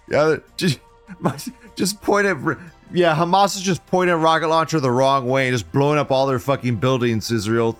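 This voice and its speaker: A man's voice: medium pitch, a bit bright. A man hosting a live show, reading chat aloud and ranting in a profane, sarcastic way. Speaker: livestream show host.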